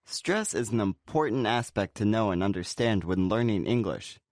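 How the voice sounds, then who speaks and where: A man with a lowish voice explains word stress in a scripted lesson. He talks in a relaxed way and says example words slowly and clearly. The sound is dry and close-miked. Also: no room sound. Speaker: pronunciation teacher.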